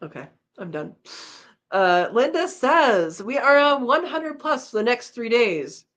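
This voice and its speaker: A woman's voice: fairly high pitch, very animated, unhurried, fairly bright tone. A tired woman hosting a casual live chat, reading out viewer comments and chatting back with a laugh. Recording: slightly dull lo-fi audio.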